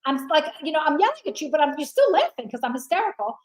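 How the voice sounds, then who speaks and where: Loud sweary high-pitched woman telling a story on a talk show. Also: sing-song, fast, rough recording. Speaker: guest. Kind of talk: animated casual chat.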